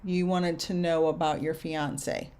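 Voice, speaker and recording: A young adult woman medium giving spirit messages to viewers in a casual live chat, halting and soft-spoken. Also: deep voice, flat delivery, a little hiss or hum. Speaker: medium answering viewer questions.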